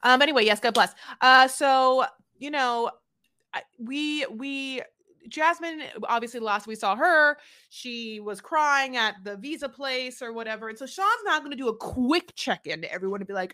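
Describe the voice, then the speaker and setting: A woman's voice: high voice, moderate pace, pushed and bright, no room sound, clean studio sound. A woman co-hosting a podcast, rambling and joking in casual chat and swearing now and then. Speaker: podcast co-host.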